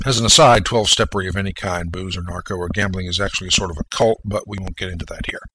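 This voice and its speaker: Forceful, lecturing American man. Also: lowish voice, low-quality recording. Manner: emphatic, lecturing, commanding. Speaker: radio host. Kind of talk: scripted radio monologue.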